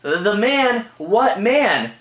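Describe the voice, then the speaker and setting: A man's voice: high voice, big pitch swings, drawn-out words, a bit bright, pitched above the performer's own voice, heavily acted. A man voicing a frightened wife who pleads with her husband, recorded in an echoey room. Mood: alarmed. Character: frightened wife, an adult woman.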